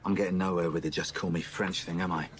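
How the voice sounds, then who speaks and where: An actor playing a blunt, sardonic debt collector who swears freely, in film drama dialogue. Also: male voice, sits low, fairly even intonation, fast talker, a little hiss or hum, natural voice. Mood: sarcastic.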